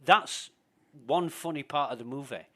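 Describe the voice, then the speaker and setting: A man's voice: mid-range voice, moderate pace, sharp tone. Rambling, foul-mouthed gaming streamer, man. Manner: rambling storyteller, swears freely. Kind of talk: casual voice chat while gaming.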